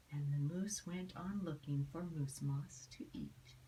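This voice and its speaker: An older woman reading a rhyming picture book aloud, expressive, with asides to a child. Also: deep voice, slow, hardly any pauses, far from the mic, slight background noise, poor audio. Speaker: storyteller.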